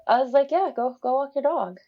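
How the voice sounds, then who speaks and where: A woman telling her own story casually on a podcast, animated, acting out what people said with lively voice changes and frequent laughs. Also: high-pitched, brisk, lo-fi sound.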